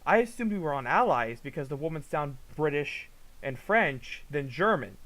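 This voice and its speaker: A man with a somewhat high voice gives casual reaction commentary. He rants in an exasperated, profane way. He swings between low mutters and loud outbursts. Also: lively intonation, normal speed, low-quality recording. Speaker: commentary vlogger.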